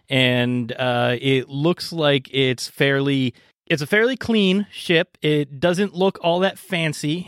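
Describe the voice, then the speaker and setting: A man narrating a tabletop game as game master, in halting narration full of fillers. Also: on the high side, fairly bright tone, dry recording, studio quality.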